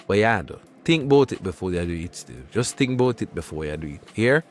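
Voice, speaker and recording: A man voicing a wisecracking Jamaican cab driver who teases his passenger with slow, drawn-out jabs in an animated cartoon. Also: sits low, soft background music. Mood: mocking. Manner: teasing, drawn-out patois jabs. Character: wisecracking male cab driver, mocking and nosy.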